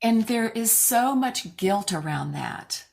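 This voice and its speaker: A woman's voice: on the high side, animated, slow, creaky, darkish tone. A woman co-hosting a podcast, talking casually and telling her stories in a heartfelt, reflective way. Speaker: podcast co-host.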